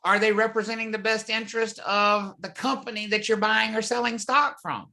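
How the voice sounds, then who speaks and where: A man's voice: sits high, steady tone, normal speed, gravelly, bright, forceful tone. A man teaching a real estate class, talking conversationally and often asking the students questions. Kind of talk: live classroom lecture. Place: classroom or live online class.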